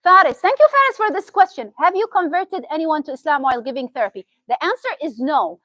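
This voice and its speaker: The clip features a fast-talking, expressive woman with a high voice and fairly bright tone, recorded roughly but without echo. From Syria and speaking Arabic as her first language, she has a Syrian Arabic accent. As a therapist, she gives an interactive motivational talk, chatting and often questioning the audience.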